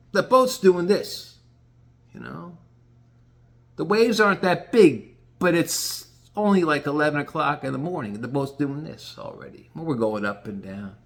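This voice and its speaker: A man casually telling a rambling, profane story, often restarting his sentences. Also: mid-range voice.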